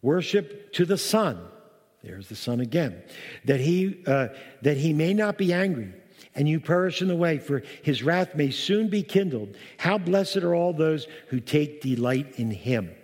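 In a hall with long reverb, an animated preacher with a darkish tone reads verses at a measured pace, building emphatically with rising pitch before pausing to explain them.

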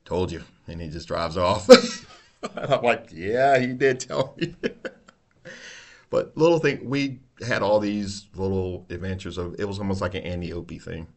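Brief: middle-aged male host, deep voice, animated storyteller, salty language. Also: moderate pace, vocal fry. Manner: animated storyteller, swears freely, laughs a lot. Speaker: podcast host, retired police officer. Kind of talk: casual storytelling chat.

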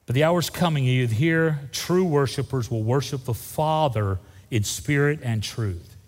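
A man's voice: mid-range voice, unhurried, darkish tone. A man preaching a sermon, reading scripture and acting out the voices with casual asides. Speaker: pastor. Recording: long hall reverb.

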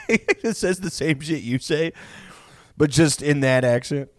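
A man's voice: a little high, unhurried, no room sound. A man hosting a podcast in casual chat, rambling storytelling with lots of swearing and restarts. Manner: rambling, profane, many restarts. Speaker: podcast host.

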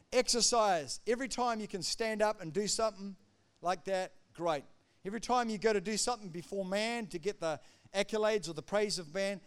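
This pastor's sermon is emphatic, shifting between loud statements and quiet side remarks. He has a high, smooth voice.

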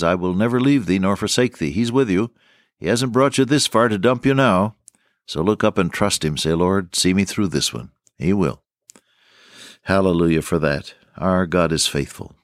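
Older male radio pastor, low voice, folksy sermon delivery, dry studio sound. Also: dry recording. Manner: folksy, warm pastoral address with scripture quotes. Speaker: radio preacher.

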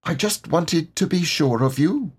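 Tiny timid storybook piglet, soft and high with a breathy edge, a man doing it. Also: animated, unhurried. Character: small timid male piglet, soft-spoken.

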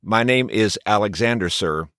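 A man's voice: lowish voice, lively intonation, moderate pace, fairly bright tone, no echo. Man doing a timid young soldier, quivering answers, dry close mic. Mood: meek. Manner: quivering, meek. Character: frightened young male soldier caught sleeping.

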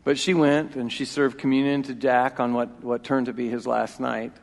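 Emphatic preacher in an echoing church. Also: male voice, medium pitch, little pitch movement, moderate pace, gravelly. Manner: emphatic, repeats key phrases, swings between loud and hushed. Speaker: pastor. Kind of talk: sermon. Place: church sanctuary. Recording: long reverb of a church hall.

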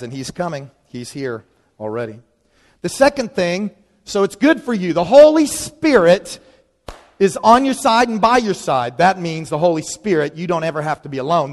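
A man preaching a sermon in a lively, conversational way, leaning on dramatic pauses. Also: on the high side. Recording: long reverb of a large hall.

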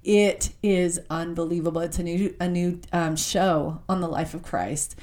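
A woman's voice: lowish voice, fairly even intonation, darkish tone. A woman giving a heartfelt devotional talk, reading scripture aloud and speaking with open emotion. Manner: reads scripture aloud slowly.

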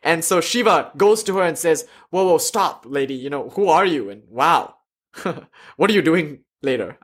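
A man teaching a class, telling myths as a storytelling lecture with animated, irreverent asides. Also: fairly high pitch.

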